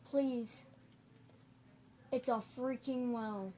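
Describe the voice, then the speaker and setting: A goofy, excitable gameplay commentator who breaks into sudden loud outbursts, recorded on a camera microphone. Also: medium pitch, extremely slow, a little hiss or hum. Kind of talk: casual let's-play commentary.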